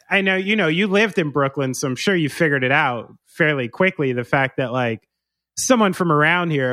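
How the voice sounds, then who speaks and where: A man hosting a casual interview, chatty and quick to agree with his guest. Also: on the high side, sharp tone, dry recording, studio quality. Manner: friendly, chatty, frequent backchannel agreement. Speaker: podcast host.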